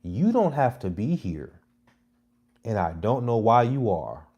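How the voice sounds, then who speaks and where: A man in his thirties delivering a brash, mocking monologue to his viewers, with loud jabs and muttered asides. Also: on the low side, sing-song, measured pace, highs cut off. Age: 30s. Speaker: comedy content creator. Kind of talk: casual provocative monologue.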